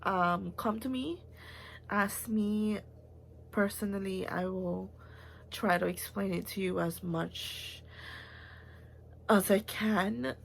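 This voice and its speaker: A woman's voice: mid-range voice, slow pace, gravelly, pauses often, slight background noise. A young woman, talking in a rambling, heartfelt personal vlog with many fillers and restarts, at times close to tears. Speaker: vlogger.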